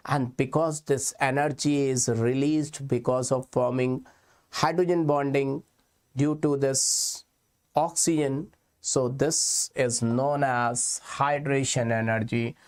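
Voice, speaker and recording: Slow, repetitive Indian-accented chemistry teacher. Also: male voice, medium pitch, fairly even intonation, a little mellow. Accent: Indian English. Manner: slow, repetitive explaining, addressing students as kids. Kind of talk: exam-prep lecture.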